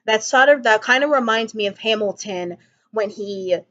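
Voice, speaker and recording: A woman's voice: on the high side, moderate pace, fairly bright tone, lo-fi sound. A woman giving a casual spoken album review, enthusiastic and rambling, with frequent ums and restarts.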